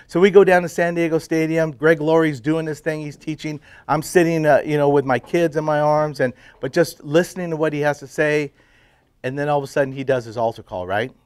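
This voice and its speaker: Middle-aged guy telling his faith story to a men's group, gets quiet and emotional, dry sound. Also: on the high side, no echo. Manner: emotional storytelling, drops to hushed tones. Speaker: testimony speaker at men's breakfast. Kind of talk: personal faith testimony.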